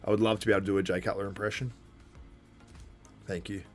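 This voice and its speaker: A man's voice: lowish voice, little pitch movement, quick pace, soft background music. Chatty man hosting a live stream. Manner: chatty, with frequent restarts and laughter. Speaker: livestream host. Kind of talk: casual live watchalong commentary.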